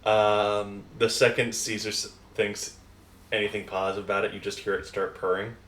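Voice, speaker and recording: Deep-ish man running a tabletop game. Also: flat delivery, moderate pace, a bit bright, reverberant. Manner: rambling, chuckling, lots of fillers. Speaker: game master.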